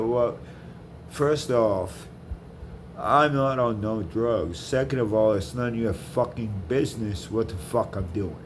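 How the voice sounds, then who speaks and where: Brief: male vlogger, heated profane rant, mid pitch, faint background noise. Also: a little mellow. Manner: heated, profane, repeats himself. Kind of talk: angry rant to camera.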